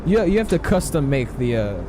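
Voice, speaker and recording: A man's voice: medium pitch, sing-song, normal speed, noisy background. A man live-streaming a flight simulator, chatting casually, answering his chat with lots of fillers.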